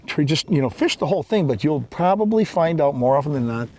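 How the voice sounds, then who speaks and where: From a boat on a lake, this folksy fishing-show host banters enthusiastically with his viewers, addressing them as folks while still winded from hauling up fish. He has a fairly high, darkish, expressive voice and speaks a little fast, with slight background noise.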